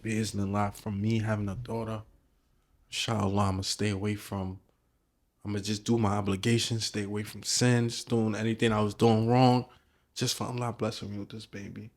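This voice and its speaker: A young man co-hosting a podcast, telling a story in casual chat, animated and excited, with lots of restarts. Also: lowish voice, brisk. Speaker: podcast co-host.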